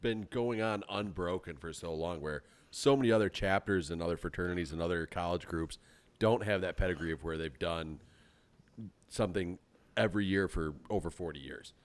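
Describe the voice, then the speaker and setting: Low-ish voiced podcast host guy, irreverent jokes, casual. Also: moderate pace. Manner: joking, irreverent. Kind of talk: casual chat.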